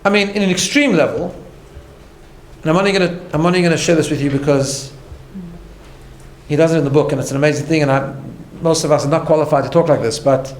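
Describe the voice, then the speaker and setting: Here a fast-talking man with a slightly high voice teaches an informal class as a rabbi. Set in a study hall, his style is emphatic and conversational, full of restarts and "right?" check-ins. The space is echoey, with a faint hum underneath.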